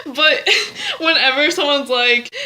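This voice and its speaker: A woman's voice: high voice, very animated, takes it slowly, bright, forceful tone, a little hiss or hum. A young woman chatting casually with a friend, giggly and amused, recorded on a phone. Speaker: friend chiming in. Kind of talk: casual comedic chat.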